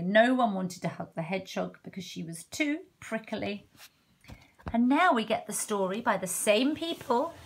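Slow, breathy teacher reading a picture book. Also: female voice, mid-range voice. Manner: warm, chatty asides with questions to listeners. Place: home.

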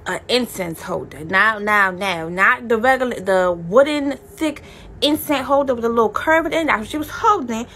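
Gravelly-voiced woman telling a chatty story. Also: a little high, moderate pace, slight background noise. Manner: animated, chatty, addresses viewers directly. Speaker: vlogger. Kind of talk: casual storytelling.

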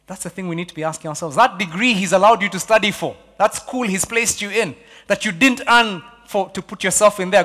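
A male pastor from Kenya preaching a sermon, swinging from hushed asides to loud exhortation. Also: a little high. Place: church auditorium. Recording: long reverb of a church hall.

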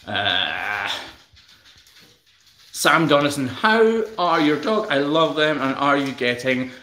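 A relaxed Scottish man chats through viewer comments during a home live stream, joking easily at his own expense. His voice sits in an ordinary middle pitch. The room around him rings with a noticeable echo. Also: takes it slowly, slight background noise. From Scotland. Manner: relaxed, chatty, self-deprecating humour. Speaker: hoof trimmer and channel host. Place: room in his newly built house.

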